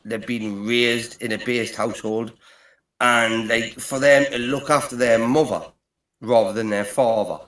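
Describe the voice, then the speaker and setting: A man's voice: mid-range voice, fairly even intonation, a little slow, fairly bright tone. A middle-aged man from Newcastle with a Geordie accent, bantering on a call and rambling with "right, okay?" and "mate" after every phrase. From Britain, Newcastle. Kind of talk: joking banter. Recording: echoey room with faint ambient noise.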